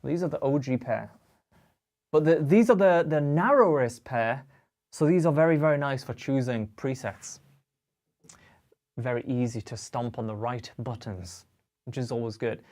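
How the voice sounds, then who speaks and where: A man's voice: mid-range voice, moderate pace, pauses often, a little mellow. A young man chats casually with viewers during a guitar livestream. He sounds upbeat and friendly, with a mid-range voice, and he reads out comments and greets people by name in a loose, rambling way. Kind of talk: casual live-stream chat.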